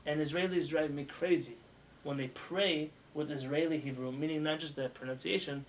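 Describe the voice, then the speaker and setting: A man, a rabbi, giving a casual spoken lesson to students, animated and asking them questions as he goes. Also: fairly high pitch, normal speed, slight background noise, low-quality recording. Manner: animated, demonstrates pronunciations with raised voice; asks students questions as he teaches. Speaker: rabbi teaching a class. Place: classroom with students.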